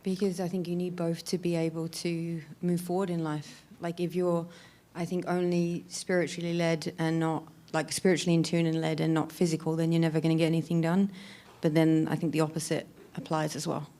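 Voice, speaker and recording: A woman's voice: sits low, level tone, brisk, mellow. A young woman answering a question in church, casual and a little unsure. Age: young adult. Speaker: congregant.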